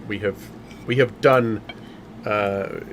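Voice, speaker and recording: A man's voice: lowish voice, steady tone, slow pace, slight background noise. A man hosting a game company livestream, chatting casually with many fillers and restarts.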